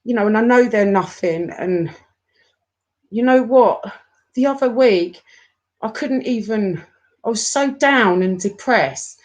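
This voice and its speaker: A woman in her forties, talking to her viewers in an upset, halting rant, often stopping and repeating herself. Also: on the high side. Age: 40s. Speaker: YouTuber. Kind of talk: emotional live-stream rant.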